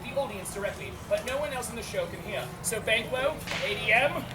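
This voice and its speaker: A woman's voice: fairly high pitch, brisk. A woman leading a playful, laughing audience-participation story for a live crowd outdoors. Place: outdoors in a busy public space. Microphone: far from the recording device. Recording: distant echoey outdoor recording with crowd noise. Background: loud crowd and ambient noise.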